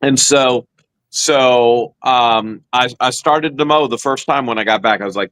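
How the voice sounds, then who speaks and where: Animated man telling a long story. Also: mid-range voice, measured pace, smooth, no echo, poor audio. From Ohio, USA. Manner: animated storytelling, acts out his own quotes. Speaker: co-host. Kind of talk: casual chat.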